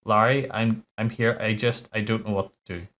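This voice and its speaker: A man's voice: lowish voice, fairly even intonation, moderate pace, fairly bright tone, close to an everyday voice. A man reading as a worried, hesitant husband. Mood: earnest. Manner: earnest and hesitant.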